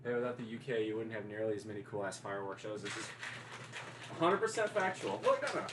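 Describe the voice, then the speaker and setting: A man from the Deep South with a lowish, lively voice talks fast on a livestream over a noisy background. He chats casually in his Southern American accent, joking, teasing, and replying to his chat.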